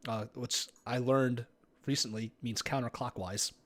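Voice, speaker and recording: A man's voice: medium pitch, steady tone, unhurried, a bit bright. A man running a tabletop game on a live stream, rambling casually and swearing freely. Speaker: game master.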